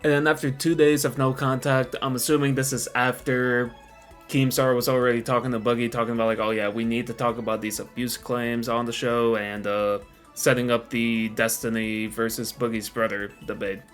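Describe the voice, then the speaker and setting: A man's voice: medium pitch, flat delivery, moderate pace, a bit bright, soft background music. A man giving casual commentary on online drama, swearing and correcting himself as he goes.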